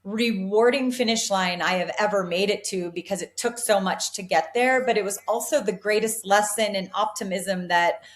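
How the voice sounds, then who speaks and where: A woman's voice: medium pitch, moderate pace, few pauses. A woman in her forties, an elite distance runner, giving earnest, upbeat answers in an interview, often restarting her sentences. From United States. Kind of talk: reflective interview talk.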